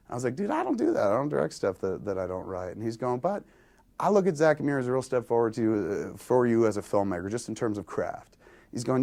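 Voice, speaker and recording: A film director in an interview, telling a long story in a rambling, self-deprecating way and acting out quoted dialogue. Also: male voice, mid-range voice, darkish tone.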